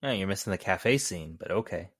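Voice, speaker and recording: Podcast guy with a lowish voice, dry sound, kinda rambly, backtracks a lot while recapping a movie. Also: expressive, a little fast, a bit bright, husky, no room sound. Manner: rambling, loose, self-correcting. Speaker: podcast co-host. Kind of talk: casual movie review chat.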